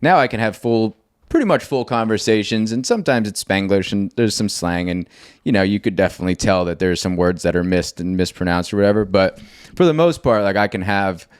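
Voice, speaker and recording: Low-voiced man chatting casually. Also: brisk, smooth, no echo, clean studio sound. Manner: rambling, filler-heavy, animated storytelling. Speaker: host. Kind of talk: casual conversation.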